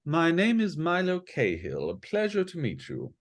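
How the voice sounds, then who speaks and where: A man's voice: fairly high pitch, huge pitch swings, normal speed, voice pushed up. A man voicing a posh, flustered young male bard who stammers. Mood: polite.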